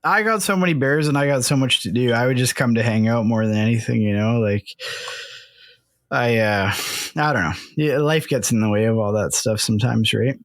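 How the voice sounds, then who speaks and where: A Canadian man co-hosting a podcast, talking in a relaxed, rambling way and thinking aloud. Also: mid-range voice, normal speed, dry recording, clean studio sound. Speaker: podcast co-host. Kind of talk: casual chat.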